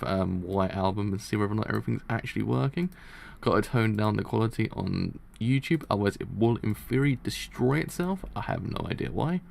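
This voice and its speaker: Gravelly man rambling on a live reaction. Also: on the low side. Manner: rambling, self-interrupting, laughs often. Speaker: comic reaction streamer. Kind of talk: casual live reaction chat.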